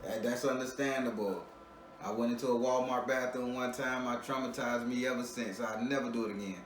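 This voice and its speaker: A man's voice: medium pitch, steady tone, brisk. Man, spiritual reader, blunt and profane, joking, recorded from a distance, roomy echo with background hum. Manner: blunt and profane, laughs often, repeats words as he restarts. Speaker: spiritual reader giving a tarot reading. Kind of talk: casual, joking reading to a client. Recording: roomy, distant mic with ambient noise.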